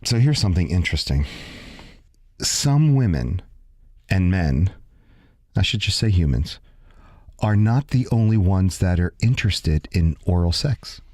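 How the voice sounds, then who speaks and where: A man hosting a casual radio show, chatty and fond of quoting studies, with halting restarts. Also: low voice, sing-song, a little mellow, no room sound, clean studio sound.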